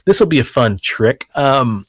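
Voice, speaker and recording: A man's voice: mid-range voice, very animated, a little slow, dry recording, studio quality. A man hosting a casual podcast, chatting in a crude, joking way and telling stories. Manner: crude, joking, storytelling with put-on voices. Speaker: podcast host. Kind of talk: casual chat.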